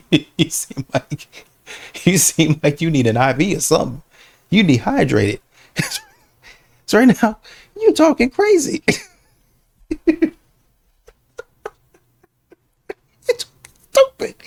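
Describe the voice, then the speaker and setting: Male reaction host, mid pitch, mocking and laughing. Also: gravelly, darkish tone. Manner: laughs through his lines, teasing. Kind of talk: mocking commentary on clips.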